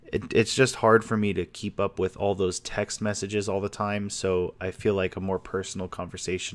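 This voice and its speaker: A young man recording a casual personal video message at home, talking in a loose, sincere, rambling way. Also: on the low side. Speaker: vlogger. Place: home office room.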